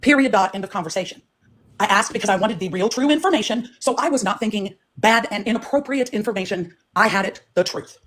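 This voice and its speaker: Fast-talking older woman, firm and pointed. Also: medium pitch, lively intonation, fairly bright tone, slight background noise. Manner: firm, insists she is being respectful. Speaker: livestream guest. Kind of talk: heated livestream argument.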